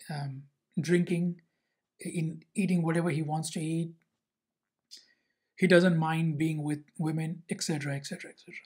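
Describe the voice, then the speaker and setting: A teacher telling a Zen story and explaining it in a measured way, often asking "see?". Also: medium pitch, a little mellow, breathy edge. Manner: measured, repeats rhetorical questions and "see?".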